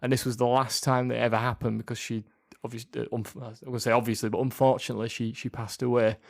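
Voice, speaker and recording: A young man hosts a podcast with an easy, chatty manner, often breaking into giggles as he shares trivia. His pitch sits in an everyday middle range. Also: level tone, fast, creaky. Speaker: podcast host. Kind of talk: casual chat.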